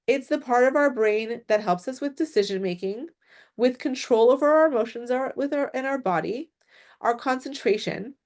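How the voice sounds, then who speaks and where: A woman's voice: fairly high pitch, normal speed, darkish tone. A woman presenting a mental health workshop, explaining step by step and often checking in with "right?" and "okay?".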